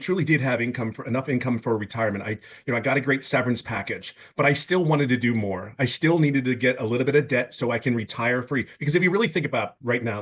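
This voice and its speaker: A man in his fifties giving an emphatic, casual testimonial on a webinar video call, stumbling over words when excited. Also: medium pitch. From California. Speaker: webinar guest.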